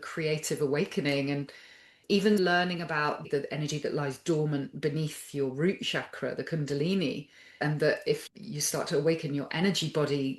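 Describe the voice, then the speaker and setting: A woman with a low, soft voice talks reflectively, often pausing on fillers as she gathers her thoughts. Her voice carries a roomy echo, as if she is on a remote call from a bare room. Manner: soft-spoken, thoughtful, circling phrases with fillers. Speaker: podcast guest. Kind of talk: reflective conversational interview.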